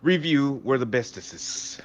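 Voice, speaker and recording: A livestream co-host drops jokey, deadpan asides into the casual chat. The pitch swings up and down in a lively way. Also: slow.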